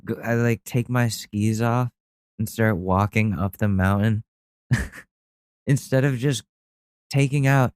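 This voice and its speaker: This man, hosting a solo podcast from home, has a mid-range, darkish voice captured dry and studio-clean. He tells stories in a rambling casual monologue, self-deprecating and full of fillers and restarts.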